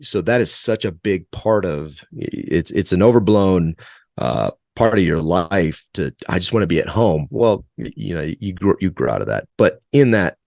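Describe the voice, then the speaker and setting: A man in his forties speaks as an interview guest in a very low voice. He tells his stories loosely, with lots of restarts, and grows animated as they go. The recording is dry and close. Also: normal speed, vocal fry, dry recording. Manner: rambling, many restarts, animated when telling stories. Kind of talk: conversational interview storytelling.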